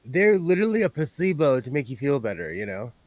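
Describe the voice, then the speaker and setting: A man chatting casually, rambling through stories and cracking jokes at his own expense. His voice sits at a middle pitch and sounds dry and close to the mic. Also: very animated, quick pace, a little mellow, dry recording. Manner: rambling, jokey, self-deprecating. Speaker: guest. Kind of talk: casual chat.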